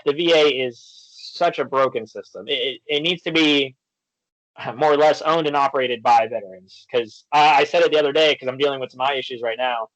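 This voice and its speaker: A man guest on a podcast, chatting casually and telling animated stories, acting out the quoted back-and-forth. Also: medium pitch, brisk, dry recording, highs cut off. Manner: storytelling, animated, acts out quoted exchanges. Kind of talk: casual chat.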